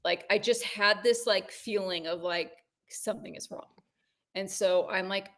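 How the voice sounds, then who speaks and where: Animated woman telling a story. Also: mid-range voice, a little slow. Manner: animated storytelling, rising when excited. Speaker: podcast co-host. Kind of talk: casual chat.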